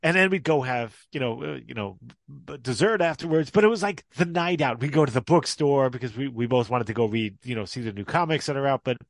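A man's voice: mid-range voice, lively intonation, fast talker, dry recording, clean studio sound. A man co-hosting a podcast in casual, easygoing chat with many fillers. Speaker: podcast co-host.

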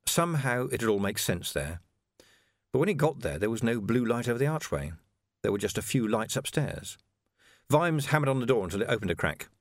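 A male audiobook narrator reads a novel with expressive, animated storytelling. His voice sits in a middle pitch and moves in a very lively way. The recording is dry and close to the mic. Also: fairly quick, dry recording. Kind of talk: scripted narration.

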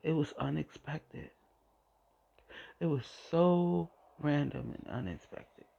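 A woman hosting a podcast, telling a personal faith testimony in an emotional, halting way and often repeating her phrases. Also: low voice, creaky. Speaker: podcast host. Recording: dull lo-fi recording.

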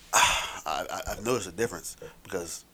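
Middle aged dude rambling on, wry and a bit sweary, lowish voice. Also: male voice, pushed and bright, slight background noise. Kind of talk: casual monologue.

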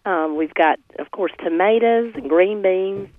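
A woman with a slightly hoarse voice, cheerfully reporting by phone on a farmers market, listing produce with lots of ums. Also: mid-range voice, a little slow, no echo. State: slightly hoarse, recovering from laryngitis. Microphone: phone call. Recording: tinny phone line.

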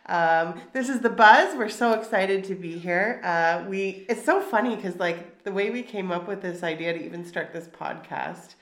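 A woman's voice: on the low side, normal speed, few pauses, a bit bright. A woman co-hosting a casual podcast, stuffy and nasal from a cold, bubbly and chatty with lots of restarts. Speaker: podcast co-host. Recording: echoey room.

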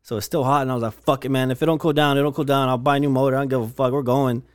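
A man's voice: mid-range voice, racing, smooth, no echo, studio quality. A young man telling a wild story in casual podcast chat, swearing constantly and acting out what people said. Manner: animated storyteller, heavy swearing, slangy.

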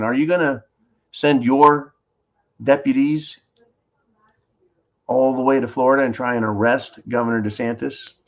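A man from California hosting a political show, ranting bluntly and sarcastically as he reads out viewer questions. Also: medium pitch. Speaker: host of a political call-in show.

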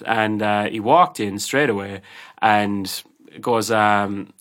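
A man's voice: lowish voice, fairly even intonation, slow pace, fairly bright tone. A man with an Irish accent, a barman co-hosting a casual chat, telling stories in a blunt, heated way with plenty of swearing. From Ireland. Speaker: barman, podcast co-host.

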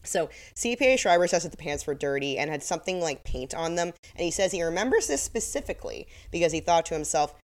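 Low-voiced woman with a slight lisp. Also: animated, fast, hardly any pauses. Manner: wry, reads quotes from episode notes. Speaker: podcast co-host. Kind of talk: casual recap chat.

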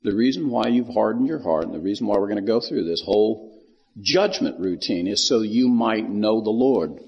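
A man teaches scripture in a relaxed, folksy storytelling way, acting out the lines of the people in the story. His voice is gravelly and a bit husky. It rings in a hall with a long echo. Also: fairly low pitch, moderate pace, highs cut off. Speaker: Bible teacher. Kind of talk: Bible teaching.

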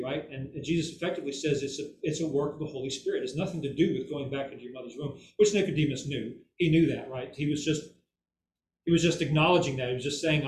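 A man's voice: medium pitch, steady tone, fast, a little mellow, slight background noise. A man giving an informal Bible teaching who keeps checking in with "okay?" and "right?" and repeats words for emphasis. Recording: echoey room, mic far off, faint ambience.

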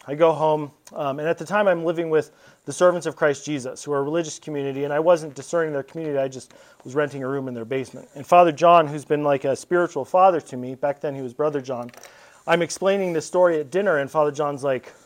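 Lively, higher-voiced male storyteller. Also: fast. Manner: lively, casual, animated storytelling. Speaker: convocation speaker. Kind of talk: storytelling speech.

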